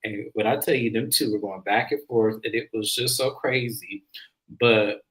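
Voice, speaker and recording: A woman hosting a casual reality TV recap podcast, retelling scenes in an animated, slangy way. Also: very deep voice, moderate pace, rough recording. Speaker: podcast host.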